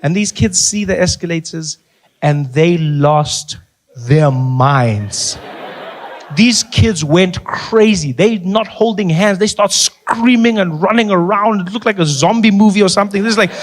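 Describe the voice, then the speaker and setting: A male stand-up comedian telling stories on a live stage in an animated, playful way, using a handheld mic. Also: high-pitched, measured pace. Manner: animated, playful storytelling with big vocal swings. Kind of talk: stand-up storytelling. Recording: live comedy club with noise.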